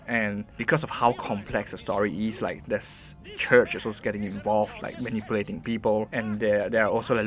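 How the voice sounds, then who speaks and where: A man voicing a game review as host, earnest and conversational, often restarting his sentences. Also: lowish voice.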